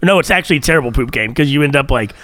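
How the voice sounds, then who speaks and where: A man's voice: mid-range voice, lively intonation, rapid-fire, dry recording. A man co-hosting a gaming podcast, teasing his partner in playful casual chat. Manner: teasing, playful, bursts into loud exclamations. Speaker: podcast co-host.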